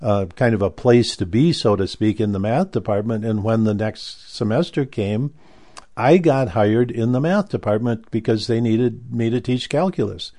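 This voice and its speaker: A man's voice: lowish voice, moderate pace, dark tone. An older man telling a story about his past in a casual, rambling way, often stopping and restarting. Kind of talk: casual spoken recollection.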